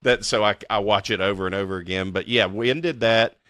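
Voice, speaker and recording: A man's voice: on the low side, brisk, a bit bright, no echo. A man hosting a casual interview, enthusiastic and chatty, often laughing. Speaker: podcast host.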